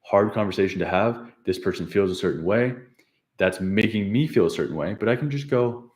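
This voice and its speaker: A young male habit coach with a deep, low voice talks through a client session in a loose, unscripted way. He wanders off track, corrects himself and laughs at his own mistakes. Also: brisk. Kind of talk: casual unscripted vlog recap.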